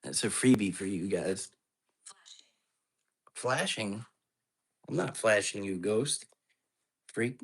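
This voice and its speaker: A man's voice: lowish voice, expressive, slow pace, vocal fry, long pauses, slightly rough. A man hosting a live ghost-hunting stream from an apartment at night, chatting casually and jumpily straight to his viewers. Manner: chatty, jumpy, talks straight to his chat.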